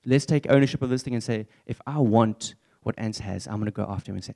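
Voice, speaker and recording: Earnest young man preaching, mellow voice. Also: on the low side, quick pace, creaky, few pauses. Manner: earnest, conversational, candid. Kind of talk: church sermon.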